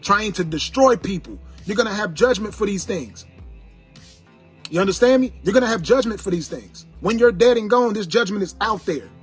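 Over soft background music, an online personality scolds his audience in a high, slightly rough, expressive voice at a moderate pace. His angry, preachy monologue keeps returning to the same warnings, much like a sermon.

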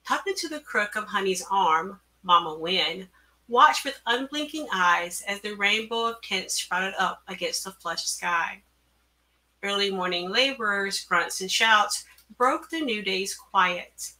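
Woman author, reading her story aloud, bright voice, measured, computer mic. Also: medium pitch, expressive. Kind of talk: reading a story at an online event. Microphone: computer mic on a video call.

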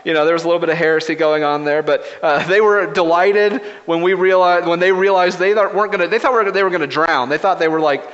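A man preaching a conversational sermon as pastor, telling stories in a relaxed, anecdotal way, recorded in a church sanctuary. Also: fairly high pitch, quick pace, hardly any pauses. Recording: reverberant, dull lo-fi livestream audio.

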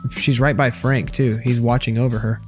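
A man's voice: mid-range voice, level tone, moderate pace, music in the background. Chatty sarcastic young man streaming games. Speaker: game streamer. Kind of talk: casual gameplay commentary reading chat.

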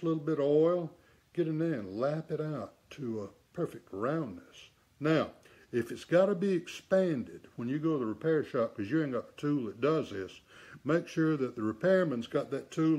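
A man's voice: a little high, dark tone, slightly rough. A middle-aged man teaching saxophone repair in a casual demonstration, blunt and emphatic, with rhetorical asides.

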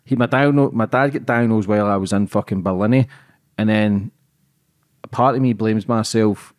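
A man's voice: on the low side, normal speed, a little mellow, no room sound, clean studio sound. Earnest man hosting a podcast. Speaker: podcast host. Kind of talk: candid conversation.

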